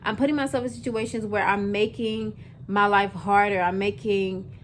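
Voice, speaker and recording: A woman's voice: mid-range voice, steady tone, normal speed, slight background noise. Chatty young woman vlogging to camera. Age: 20s. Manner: chatty, filler-heavy, addresses viewers as y'all. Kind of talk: casual chat to camera.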